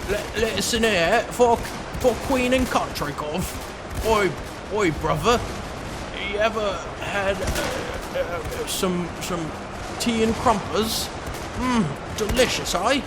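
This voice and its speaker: A man's voice: sits high, lively intonation, takes it slowly, heavy background noise, voice pushed up. A man voicing a brash male soldier in an exaggerated put-on British manner, in a video game. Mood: rowdy.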